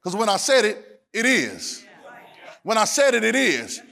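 A man preaching a sermon to a congregation, calling for responses and swinging between soft asides and shouted, sung phrases. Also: high voice, wildly swooping pitch, unhurried, creaky. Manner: Southern Black church vernacular, drops verbs. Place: church sanctuary.

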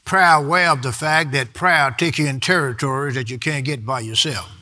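A man's voice: medium pitch, moderate pace, bright, forceful tone. A man preaching a sermon in a rhythmic, half-sung delivery, drawing out words for emphasis and calling for responses from his congregation.

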